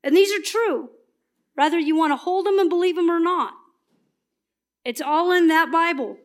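A woman giving a passionate, emphatic sermon at church that often turns soft and earnest. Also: extremely high pitch, moderate pace. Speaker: church speaker.

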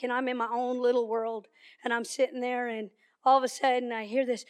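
Woman preacher, high voice, storytelling sermon with emphatic repetition. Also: level tone, a little fast, clean tone.

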